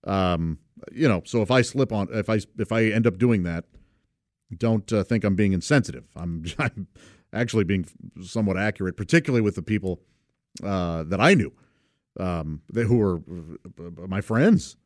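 A man's voice: deep voice, lively intonation, moderate pace, a little mellow, no echo, studio quality. A man casually telling a personal anecdote, rambling and correcting himself, and chuckling often as he goes. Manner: rambling, self-correcting delivery.

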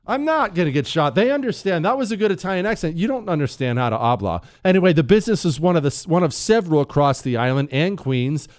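A man hosting an opinion talk show, sarcastic and emphatic, jumping between mock excitement and flat scorn. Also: fairly high pitch, fast, hardly any pauses, no echo, studio quality.

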